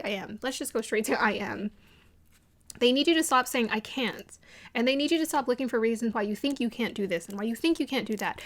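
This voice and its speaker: An earnest woman giving an intuitive pick-a-card tarot reading, her voice sitting a touch high. She gropes for words with fillers, then repeats key phrases to drive them home. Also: fairly bright tone. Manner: searching, hesitant phrasing with fillers. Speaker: tarot reader.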